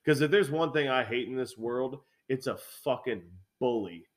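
A man telling a work story in a casual, profane chat, acting out the lines of coworkers with animated delivery. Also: mid-range voice, normal speed. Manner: animated, swears a lot, acts out coworkers' lines.

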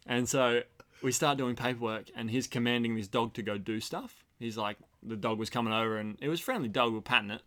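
A man's voice: medium pitch, brisk, a bit bright. A young man talking as a podcast guest in casual chat, telling a story with dry jokes. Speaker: podcast guest, host's roommate. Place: storehouse.

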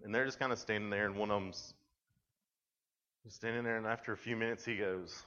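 A man giving a youth camp sermon, telling a story in a lively, conversational way and filling his talk with "like". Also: on the low side, a little fast, pauses often. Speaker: camp speaker. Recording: dull lo-fi recording.

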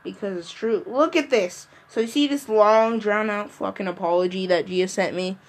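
A man's voice: high voice, moderate pace. A young man in casual banter with a friend, teasing and crude, mocking others with put-on voices. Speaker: friend in a recorded chat.

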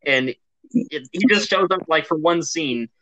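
A man's voice: fairly high pitch, measured pace, bright, forceful tone, no room sound, poor audio. Rambling man with a dry close sound. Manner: rambling, lots of fillers and restarts. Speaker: podcast co-host. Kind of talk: casual chat about movies.

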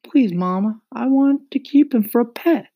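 Storybook young boy, high and pleading, slightly gravelly, put on by a male narrator. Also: normal speed, warm tone, dry recording, studio quality.

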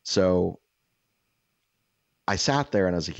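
A man co-hosting a casual chat, telling rambling, profane anecdotes in an animated way. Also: deep voice, slow, gravelly, no room sound, dull audio. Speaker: podcast co-host.

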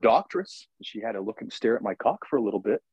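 A man with a low, husky voice tells a rambling, crude story and laughs his way through it. The sound is close and dry, with no room around him. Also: very animated, fast, darkish tone, no room sound, dull audio. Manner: rambling, crude, laughs while telling stories. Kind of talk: casual storytelling chat.

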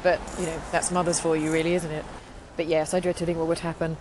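A woman's voice: low-pitched, level tone, fast talker, darkish tone. A woman from England, chatting casually on her podcast in a rambling way with frequent restarts. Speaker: podcast host. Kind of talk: casual chat. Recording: noisy background.

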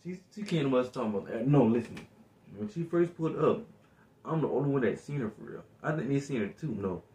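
Young man, mid-pitched, laid back, chuckling, echoey room. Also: animated, fairly quick, warm tone, distant mic. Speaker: vlog co-host. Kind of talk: casual storytelling chat.

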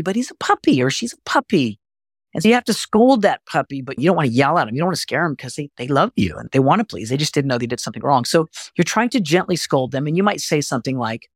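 A middle-aged man hosting a podcast voice lesson, animated and often jumping high to demonstrate. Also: a little fast, no echo, studio quality. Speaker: voice coach and podcast host.

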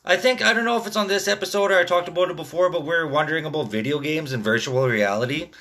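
A man's voice: fairly high pitch, fast, bright, forceful tone. A young man hosting a podcast, telling rambling, profane stories in a casual monologue, full of "dude" and "man". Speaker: podcast host; construction worker.

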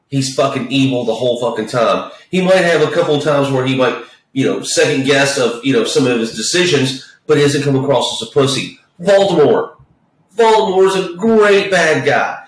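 A man's voice: medium pitch, moderate pace. A man chatting casually about movies, rambling and swearing with many false starts. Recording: echoey room, far from the mic.

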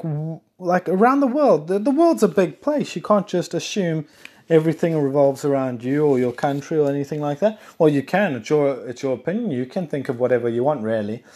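A chatty man from South Africa hosts his own podcast alone, wandering from topic to topic and correcting himself often. His voice sits a little higher than most men's, and he breaks into excited bursts now and then. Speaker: podcast host. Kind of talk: casual solo podcast chat.

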